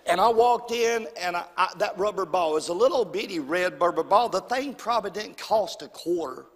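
Southern man, preacher, folksy animated storytelling, high voice, long hall reverb. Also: normal speed. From Alabama. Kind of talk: storytelling sermon.

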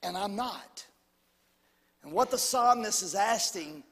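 High-voiced preacher in a reverberant hall. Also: male voice, animated, takes it slowly. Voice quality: rising to shouts at peaks, call-and-response with the congregation. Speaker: pastor. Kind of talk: sermon. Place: church sanctuary.

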